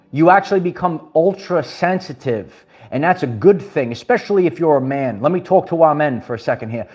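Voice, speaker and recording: A man's voice: a little high, darkish tone. Preachy Brooklyn man with music behind. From Brooklyn, New York. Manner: emphatic, preachy, repeats phrases, addresses viewers directly. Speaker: spiritual empowerment vlogger. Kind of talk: livestream motivational talk.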